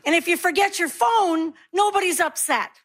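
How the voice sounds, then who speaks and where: A woman's voice: very high-pitched, moderate pace. A woman in her sixties doing a stand-up comedy routine, sassy and conversational, talking directly to the audience. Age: 60s.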